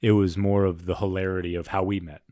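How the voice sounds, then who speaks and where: A young man with a lowish voice tells a story on a podcast, laughing often and swearing freely. His delivery is loose and animated, casual chat between co-hosts. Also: fast, no room sound, clean studio sound. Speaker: podcast co-host.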